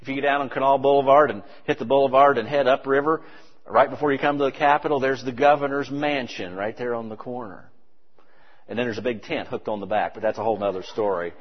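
A man preaching a sermon, animated and emphatic with conversational asides. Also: medium pitch, fast. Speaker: pastor. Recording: dull, reverberant hall recording.

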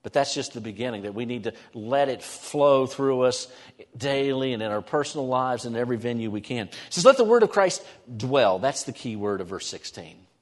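A middle-aged male pastor preaching a conversational, animated sermon in a church, swinging between lively emphasis and soft, prayerful asides. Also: medium pitch, fairly quick, long reverb tail. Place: church sanctuary.

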